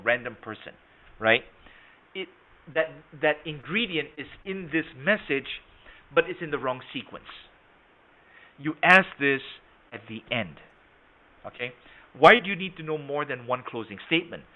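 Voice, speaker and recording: Man teaching a webinar over a tinny line. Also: mid-range voice. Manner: hesitant, many fillers and restarts, then emphatic. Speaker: sales trainer. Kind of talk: webinar lesson. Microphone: video call.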